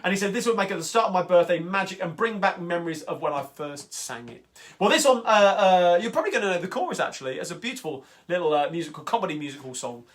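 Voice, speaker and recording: A man's voice: high-pitched, expressive, fast talker. A man hosting a singalong livestream, chatting casually and eagerly between songs with plenty of ums and uhs. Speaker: singalong host. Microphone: home livestream mic. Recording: guitar music close behind the voice.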